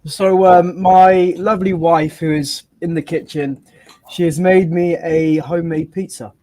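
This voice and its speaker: A man's voice: a little high, fairly even intonation, a little slow, warm tone. A married man chatting casually about football with friends, easygoing and laughing. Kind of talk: casual chat among mates.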